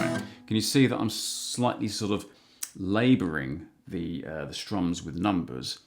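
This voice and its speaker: Low-voiced guitar teacher. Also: male voice, unhurried. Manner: relaxed, counts beats aloud while strumming. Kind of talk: instructional guitar lesson. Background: acoustic guitar strumming.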